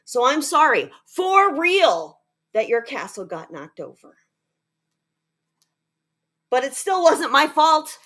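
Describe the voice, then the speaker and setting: A woman's voice: fairly high pitch, sing-song, slow pace, a bit bright, heavily acted. Jack, a grudging schoolboy, read by a woman. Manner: stubborn, defensive, reluctant. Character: sulky young schoolboy writing grudging apologies.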